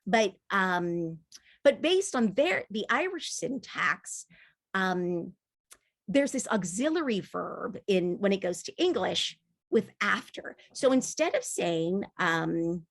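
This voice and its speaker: A woman's voice: mid-range voice, very animated, slow pace, gravelly, no room sound, clean studio sound. A woman author talking in an interview, thoughtful and laughing often, with frequent restarts. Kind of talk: conversational interview.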